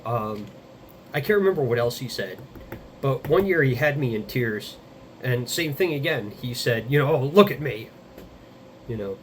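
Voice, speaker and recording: A man in his thirties talking casually to the camera, halting and rambling with many fillers and some blunt swearing. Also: mid-range voice, lively intonation, a little hiss or hum. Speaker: vlogger. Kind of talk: casual confessional monologue.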